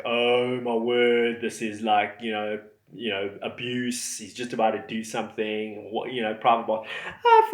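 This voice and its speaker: A man telling a personal story in a casual, rambling way, full of fillers, growing animated. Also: on the low side, reverberant. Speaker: vlogger telling his testimony.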